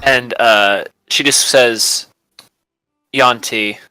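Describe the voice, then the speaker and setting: A man's voice: mid-range voice, expressive, normal speed, sharp tone, dry recording, faint music behind, poor audio. A young man narrating a tabletop game as game master, casual and laid-back with frequent fillers.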